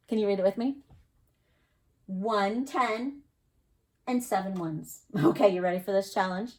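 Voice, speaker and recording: A woman's voice: mid-range voice, darkish tone. A woman teacher giving an early-grade math lesson, counting aloud and asking the children encouraging questions. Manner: slow, encouraging, sing-song counting with questions to kids.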